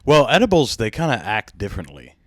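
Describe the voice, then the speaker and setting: A man hosting a podcast in casual chat, laid-back and quick with jokey asides, laughing often. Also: medium pitch, sing-song, fairly bright tone, no room sound, clean studio sound. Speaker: podcast host.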